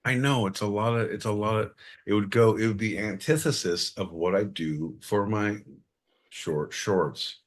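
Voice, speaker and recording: A man co-hosting a podcast in casual comedic banter, loud and profane with sudden bursts of energy. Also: on the low side, normal speed. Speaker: podcast co-host.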